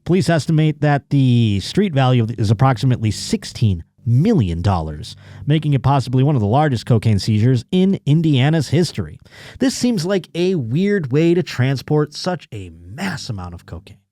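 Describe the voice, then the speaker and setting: A man's voice: mid-range voice, big pitch swings, moderate pace, mellow, no room sound, clean studio sound. A man hosting a comedy podcast, reading news stories aloud and riffing on them with crude, sarcastic jokes. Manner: crude, sarcastic riffing between read-out articles. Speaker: podcast host.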